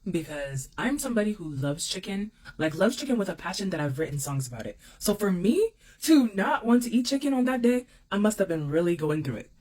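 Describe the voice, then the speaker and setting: Young adult woman, casual storyteller, expressive, repeats lines for emphasis. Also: mid-range voice, fairly quick.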